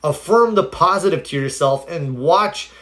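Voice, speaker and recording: A man's voice: on the high side, unhurried. A man talking casually on a live stream, telling stories earnestly and giving motivational advice, stopping now and then to answer viewers. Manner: earnest, animated storyteller; answers viewer comments directly.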